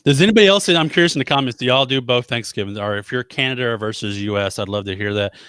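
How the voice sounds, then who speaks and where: A man from the United States hosts a casual live web show, chatting with his co-host and rambling through self-deprecating jokes. His mid-range voice is a bit bright and smooth, he talks fast, and the recording is dry.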